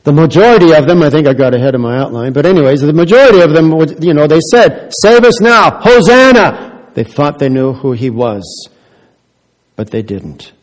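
A man preaches a sermon in a church, his slightly high voice trailing off in long reverb. He moves between soft, intimate lines and loud, emphatic ones. He keeps putting rhetorical questions to his listeners. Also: expressive, brisk. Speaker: pastor.

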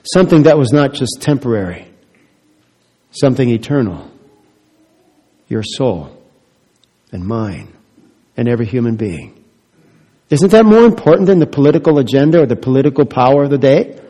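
A man's voice: mid-range voice, sing-song, moderate pace, long pauses. Male pastor preaching in a reverberant hall. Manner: dramatic swings from soft to loud, rhetorical questions. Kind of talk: sermon.

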